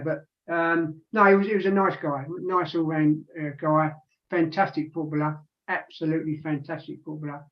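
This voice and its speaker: A man's voice: fairly high pitch, little pitch movement, moderate pace. Chatty older man on dull lo-fi audio. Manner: chatty, rambling, with frequent restarts and "to be honest". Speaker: regular panelist. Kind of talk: casual radio chat. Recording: dull lo-fi sound.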